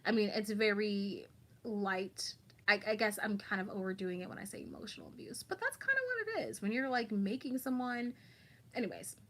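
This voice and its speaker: A woman's voice: mid-range voice, animated, fairly quick. A woman hosting a casual livestream, chatting about online drama and reading viewer comments aloud.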